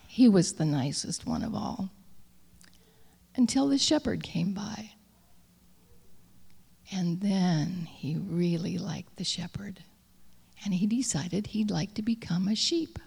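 A woman telling a story aloud, reading slowly and often dropping to a soft whisper. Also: mid-range voice, creaky, slightly rough, big-room sound.

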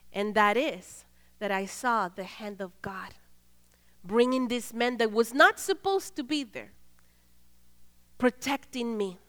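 A woman preaching in a church, telling a story earnestly and swinging between loud and hushed. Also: sits high, clean tone, in a large hall. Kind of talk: sermon storytelling.

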